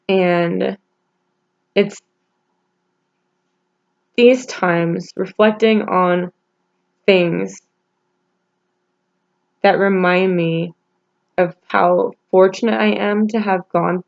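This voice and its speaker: A woman talking haltingly in a personal vlog, holding back tears, with many pauses and restarts. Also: mid-range voice, fairly even intonation, gravelly, muffled recording. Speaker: vlogger.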